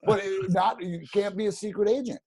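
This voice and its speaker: A man telling stories as a podcast guest, animated and rambling, with many restarts. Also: sits high, fairly quick. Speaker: podcast guest, real estate agent. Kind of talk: casual storytelling interview.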